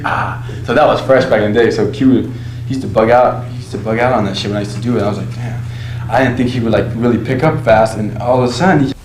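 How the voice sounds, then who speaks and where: A man's voice: fast talker, a little hiss or hum. Laid-back young man in an echoey room. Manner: laid-back, drops to a low murmur, mimics scratches. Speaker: interviewee. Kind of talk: casual storytelling.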